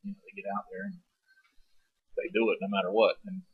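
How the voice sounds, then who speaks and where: A man's voice: fairly low pitch, sing-song, brisk, slightly rough. A man co-hosting a podcast, telling long rambling stories in casual chat, swearing now and then. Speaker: podcast co-host. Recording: dull lo-fi sound.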